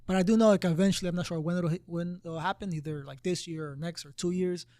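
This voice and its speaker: A man co-hosting a casual podcast, talking in a rambling, halting way with many restarts. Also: high-pitched, fairly even intonation, dark tone, no echo, studio quality. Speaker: podcast co-host. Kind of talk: casual conversation.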